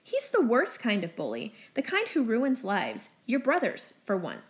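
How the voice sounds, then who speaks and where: A woman's voice: a little high, huge pitch swings, a little slow. Lady reading as an angry mom from a storybook, seething and clipped, cold and bitter, scolding her kid. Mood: exasperated. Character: furious protective middle-aged mother, cold and bitter.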